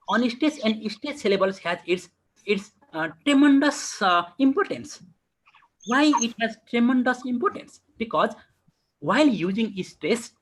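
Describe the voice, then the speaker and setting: Breathy teacher lecturing his online class. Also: high voice, a bit bright, rough recording. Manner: asks and answers his own questions, repeats words for emphasis. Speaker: English literature teacher. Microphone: video call.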